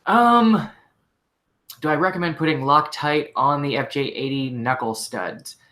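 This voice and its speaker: Male host, shop mechanic, bright tone, casual Q&A, easygoing, filler-heavy. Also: a little high, measured pace. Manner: relaxed, rambling, frequent fillers like "like" and "you know". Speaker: host answering viewer questions. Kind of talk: casual live-stream Q&A.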